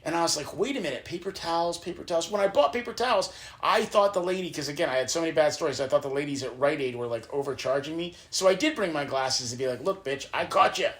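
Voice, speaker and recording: A man hosting a podcast, telling personal stories in an animated, profane, casual way. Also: a little high, quick pace. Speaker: podcast host. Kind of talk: casual storytelling chat.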